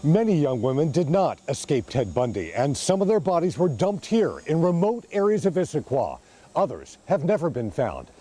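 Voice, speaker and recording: A man's voice: a little high, very animated, mellow, soft background music. Man narrating a crime news story. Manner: measured, dramatic storytelling delivery. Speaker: TV news reporter.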